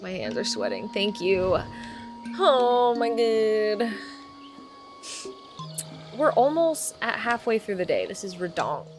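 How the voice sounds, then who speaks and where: A woman's voice: medium pitch, sing-song, slow pace, pauses often. A woman chatting casually on a live stream while gaming, reacting aloud and greeting viewers. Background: game music.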